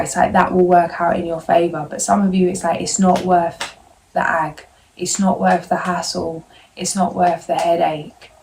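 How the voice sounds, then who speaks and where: A woman giving a tarot card reading straight to her viewers, in a gentle, meandering and reassuring way. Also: on the low side, a little hiss or hum, poor audio. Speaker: tarot reader.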